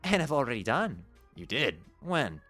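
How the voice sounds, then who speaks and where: A man's voice: medium pitch, sing-song, moderate pace, a bit bright, soft background music. A man reading aloud as a grumbling, determined young adventurer in a put-on British accent.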